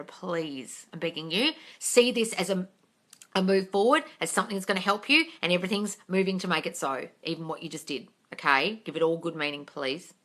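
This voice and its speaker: A woman on the low side of the pitch range answers viewer questions on a casual live stream. She talks bluntly with plenty of swearing, uses "darling" for her audience, and alternates soft coaxing with excited squeals.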